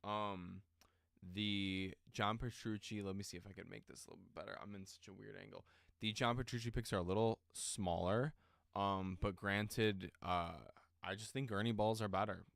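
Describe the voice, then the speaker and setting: A young man rambles through a casual livestream chat, his voice low-pitched and smooth even as it wears thin. He talks through guitar gear and music theory with plenty of ums and "okay?" check-ins. The sound is close and dry. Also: moderate pace, no room sound. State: voice getting worn out. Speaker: livestream host.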